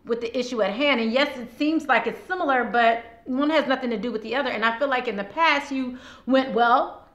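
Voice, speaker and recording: A woman with a brisk, fairly bright voice on the high side gives a casual tarot reading to camera despite a sore throat. She talks straight to her viewers and laughs often, and the lo-fi recording has a roomy echo with faint background noise.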